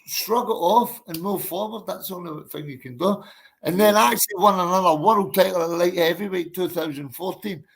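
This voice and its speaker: A man's voice: sits high, brisk, gravelly, husky. A man, a boxer telling his story in a casual interview, blunt and emphatic, swearing and calling the listener mate and bro.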